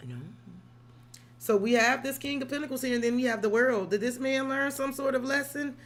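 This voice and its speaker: A woman's voice: high-pitched, normal speed. Salty, chatty woman reading tarot. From South Side of Chicago. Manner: chatty, digressive, salty, swears freely. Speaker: tarot reader. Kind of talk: casual livestream tarot reading.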